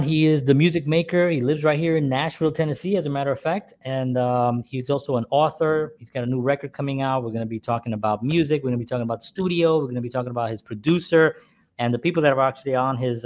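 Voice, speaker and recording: Rambling man hosting a casual show. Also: medium pitch. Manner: loose, rambling, many fillers and restarts. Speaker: podcast host. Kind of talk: casual chat. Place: home.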